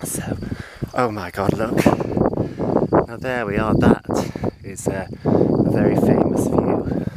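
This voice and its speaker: A man presenting a walking vlog outdoors on a rural hillside, talking into a handheld camera and exclaiming often with excitement. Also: on the low side, slow. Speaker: travel vlogger. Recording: outdoor noise with insects chirping. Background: insects and crickets.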